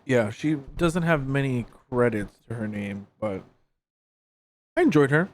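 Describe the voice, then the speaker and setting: A podcast co-host chatting casually about a movie, giving short relaxed remarks. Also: medium pitch, a little slow. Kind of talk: casual movie review chat.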